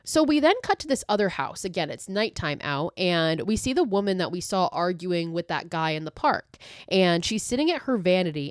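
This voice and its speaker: A young woman recaps a horror film in loose, chatty podcast talk, swearing often and padding her sentences with fillers. Her voice sits a little low for a woman. The recording is dry and close, with no room sound. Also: dry recording. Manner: chatty, swears freely, uses many fillers. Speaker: podcast host. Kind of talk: casual movie recap.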